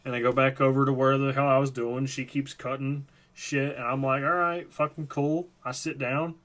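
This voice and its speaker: A man's voice: medium pitch, little pitch movement, normal speed, a bit bright. Profane rambling male streamer. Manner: rambling, profane, lots of fillers. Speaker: live stream host. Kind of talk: casual storytelling on a live stream.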